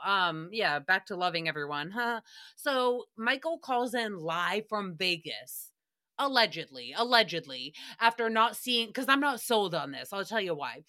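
Bright-voiced sassy woman podcaster. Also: fairly high pitch. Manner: sassy, giggly, jumps between voices and rhymes. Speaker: podcast host. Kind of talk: comedic recap monologue.

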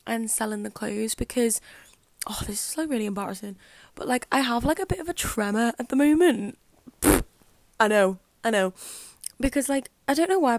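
A young woman with a medium-pitched voice hosts her solo podcast, chatting casually and rambling, her speech full of "like" and "um". There is no room sound in the recording.

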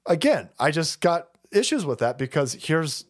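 A man's voice: on the high side, sing-song, moderate pace. A man hosting a livestream, ranting and commenting profanely with frequent laughter. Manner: foul-mouthed, laughing, ranting. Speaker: streamer host.

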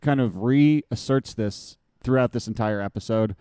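A man's voice: mid-range voice, measured pace, warm tone, clear, resonant tone, dry recording, studio quality. A man co-hosting a casual podcast chat, easygoing and playful, a little tipsy. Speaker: podcast co-host.

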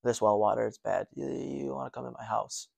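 A man voicing a creepy man with a shotgun who speaks in a slow, quiet mumble. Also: medium pitch, steady tone, creaky, husky, no echo.

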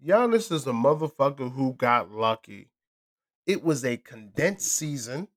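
A man hosting a casual chat with a friend, talking loud, profane and animated, often laughing. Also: medium pitch, a little slow. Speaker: podcast host.

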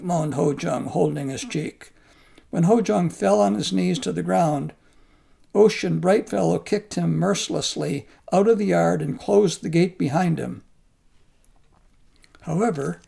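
A man calmly narrating a folk tale in a measured storybook style. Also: high voice, gravelly, husky.

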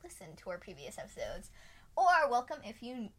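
A woman's voice: mid-range voice, wildly swooping pitch, fairly quick, slight background noise. A young American woman co-hosting a podcast, chatting casually and rambling through stories with lots of "like". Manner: chatty, rambling storyteller with frequent "like". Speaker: podcast co-host. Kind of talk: casual chat.

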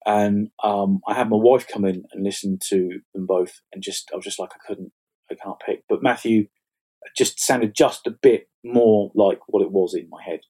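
A man's voice: fairly low pitch, fairly even intonation, moderate pace, dark tone, husky. Chatty man telling stories. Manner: chatty, self-mocking, laughs at his own stories. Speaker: fantasy author guest. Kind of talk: casual interview chat.

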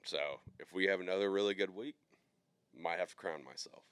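A man's voice: low voice, fairly quick, fairly bright tone, clear, resonant tone, dry recording. A man co-hosting a podcast, chatting casually and loosely about sports bets, with plenty of fillers. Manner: loose, rambling, lots of fillers. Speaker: podcast co-host. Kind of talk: casual sports betting chat.

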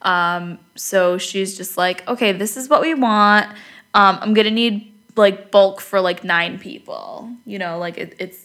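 A young woman co-hosting a casual podcast chat, telling an animated story and swearing freely. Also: medium pitch, measured pace. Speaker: podcast co-host.

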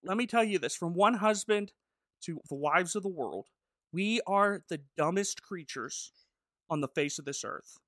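A man's voice: sits high, lively intonation, moderate pace, sharp tone, no room sound, studio quality. A man co-hosting a podcast, recapping a TV episode in a sarcastic, jokey way. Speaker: podcast co-host. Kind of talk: casual chat recapping a TV episode.

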